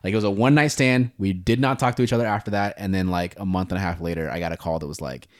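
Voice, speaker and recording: A man co-hosting a podcast in casual chat, blunt and profane, acting out quotes in high voices. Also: fast talker. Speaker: podcast co-host.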